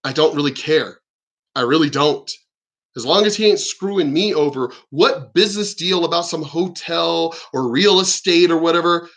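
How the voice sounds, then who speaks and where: A man's voice: on the high side, fairly bright tone. A man hosting his own channel, ranting about politics in an angry, profane, rambling way. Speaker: channel host. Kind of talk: profane political rant vlog.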